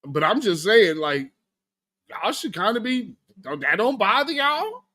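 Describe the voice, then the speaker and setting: Man, livestream host, high voice, lively swings, laughs a lot. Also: measured pace. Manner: animated, laughing, talks to chat. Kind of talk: casual political commentary.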